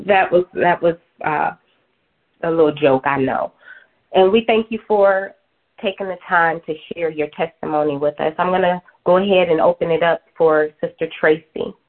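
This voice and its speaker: A woman hosting a church prayer call, gently affirming speakers and passing the floor. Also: lowish voice, moderate pace. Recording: phone-line call audio.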